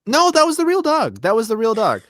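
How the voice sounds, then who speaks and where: A man's voice: extremely high pitch, wildly swooping pitch, a little fast, a bit bright, no echo, clean studio sound. A man co-hosting a casual live stream chat, joking and laughing often while quoting others in put-on voices. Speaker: co-host.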